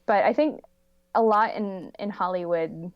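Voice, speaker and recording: A woman's voice: medium pitch, measured pace, no room sound. Chatty female podcast guest, lo-fi sound. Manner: chatty and animated, laughs often, hedging fillers. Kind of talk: casual chat. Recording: slightly dull lo-fi audio.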